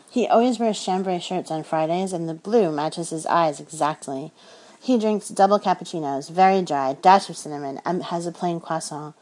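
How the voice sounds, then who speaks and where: A woman narrating a first-person romance audiobook in a soft, intimate storytelling manner. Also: fairly low pitch, low-quality recording.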